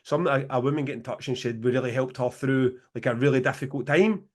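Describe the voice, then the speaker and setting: A Scottish man co-hosting a podcast over a video call, talking fast, swearing and laughing often. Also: mid-range voice. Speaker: podcast co-host.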